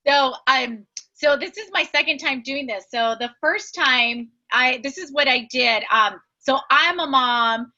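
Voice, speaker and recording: High-voiced woman sharing on a call. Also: sharp tone, dull audio. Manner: halting, earnest, restarts often. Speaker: student sharing in class. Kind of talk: casual sharing on a group call.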